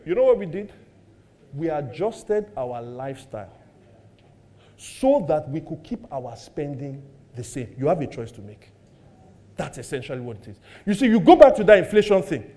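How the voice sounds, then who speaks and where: This middle-aged Nigerian-accented pastor delivers a sermon at a moderate pace in a fairly high voice. He's animated, firing off rhetorical questions and cracking jokes about his own household.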